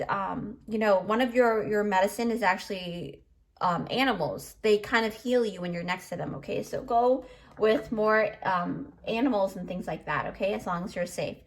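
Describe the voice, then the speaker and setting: A woman's voice: medium pitch, moderate pace, fairly bright tone. A woman giving a pick-a-card tarot reading in a chatty, emotional way, full of fillers, and choked up. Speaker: tarot reader.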